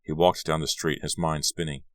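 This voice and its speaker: A man narrating a young adult horror novel in a measured reading. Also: extremely low pitch, little pitch movement, dry recording. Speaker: audiobook narrator. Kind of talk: scripted narration.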